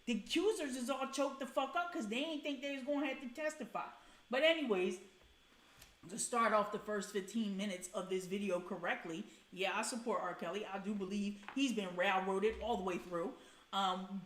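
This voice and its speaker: A woman's voice: mid-range voice, moderate pace, a bit bright, reverberant. Profane, blunt woman hosting a livestream. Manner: blunt, profane, chatty, greets viewers by name. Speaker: livestream host. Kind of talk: casual live-stream commentary.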